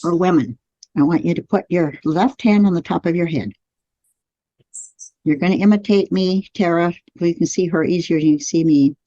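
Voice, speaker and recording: A woman's voice: fairly low pitch, normal speed, mellow, no echo, lo-fi sound. A woman teaching a live online class, guiding listeners through spoken affirmations. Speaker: energy healing teacher. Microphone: computer mic on a live video stream.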